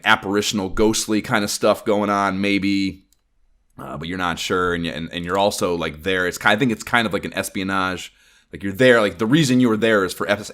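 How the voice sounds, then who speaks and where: A man's voice: sits low, fairly bright tone. A man hosting a podcast, telling a rambling, profane story in casual chat and often breaking into laughter. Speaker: podcast host.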